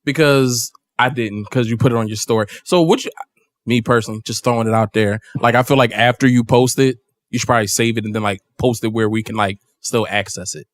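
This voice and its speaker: A male podcast host talks in a loose, rambling way and laughs a lot. His voice sits at a middle pitch and is recorded dry and close in a studio. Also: fairly even intonation, brisk, no room sound. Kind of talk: casual podcast chat.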